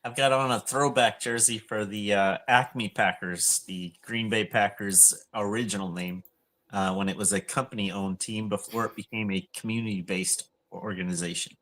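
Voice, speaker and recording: Male co-host with a lowish voice; calm, explanatory casual talk. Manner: measured, explanatory, with fillers. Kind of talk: casual chat.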